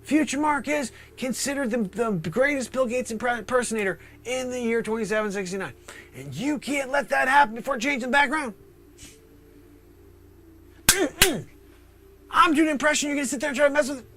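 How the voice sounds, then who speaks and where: Soft music plays behind a man who runs an improvised comedy livestream, replying to chat a little fast and with lively animation. He keeps breaking into high voices, then dropping to a whisper.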